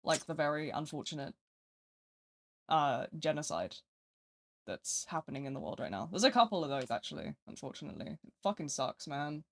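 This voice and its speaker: A British live streamer chatting casually and rambling while gaming, swinging between loud asides and quiet mutters. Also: mid-range voice, big pitch swings, a little fast.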